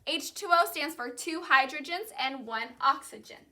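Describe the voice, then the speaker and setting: A woman teacher leading a call-and-repeat classroom lesson, saying each vocabulary word slowly and clearly and then repeating it. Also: high voice, bright, forceful tone. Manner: slow, clearly enunciated drilling of vocabulary.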